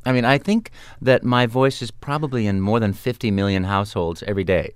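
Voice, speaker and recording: A male voice actor speaks as a guest on a radio interview, lively and animated and ready to break into character voices. His low voice is smooth and resonant, recorded dry and close in a studio. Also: a little fast, no room sound. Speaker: video game voice actor, guest.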